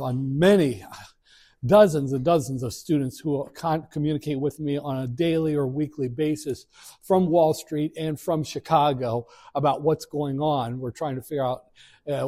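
A middle-aged man lecturing in a classroom, frank and rambling, circling back with fillers and restarts. His voice sits a little high for a man, with a dark, mellow tone. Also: husky. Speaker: college finance instructor. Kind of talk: first-day classroom lecture.

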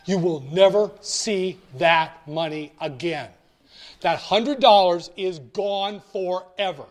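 A man's voice: high voice, takes it slowly. A man lecturing on finance in a blunt, theatrical way, acting out little dialogues. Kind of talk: recorded lecture.

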